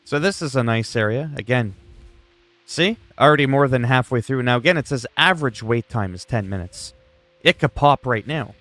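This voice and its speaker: A man's voice: medium pitch, animated, moderate pace, fairly bright tone, dry recording, soft background music. A man from Canada chatting casually with viewers while he plays a video game, rambling and greeting them by name. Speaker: livestreamer. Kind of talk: casual gameplay chat.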